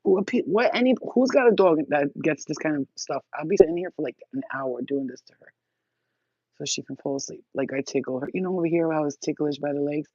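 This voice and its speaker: A woman's voice: sits low, fairly quick, warm tone, no echo, highs cut off. A woman vlogger rambling bluntly to the camera, crude and laughing often. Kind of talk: casual rambling monologue.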